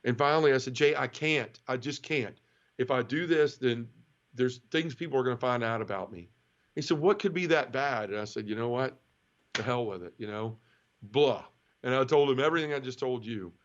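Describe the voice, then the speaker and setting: Here a man's mid-range voice moves along fairly quickly, and the audio sounds lo-fi. Sharing his conversion story as an interviewee, he's open and emotional, telling it casually and animatedly while voicing each quoted line.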